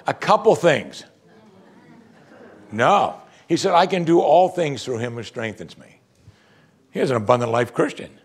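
A middle-aged male pastor preaching an animated sermon, acting out what people say to him. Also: a little high, normal speed, slightly rough. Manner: animated preaching, quoting congregants in mock voices.

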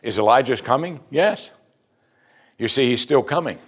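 Retelling scripture in a casual, talkative way, a man teaches the Bible and frequently asks his audience rhetorical questions. He speaks at a moderate pace with a husky, medium-pitched voice and lively intonation.

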